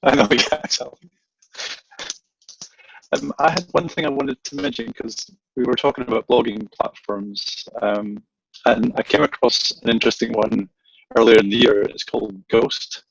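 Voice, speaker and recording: A man with a Scottish accent explaining things in a relaxed panel chat, with frequent restarts. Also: medium pitch, moderate pace, creaky, highs cut off. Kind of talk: casual panel discussion.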